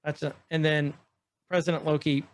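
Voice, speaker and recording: Excitable man with a slightly high voice. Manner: excited, rambling, retells scenes while pausing the show. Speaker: podcast co-host. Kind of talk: casual chat recapping an episode.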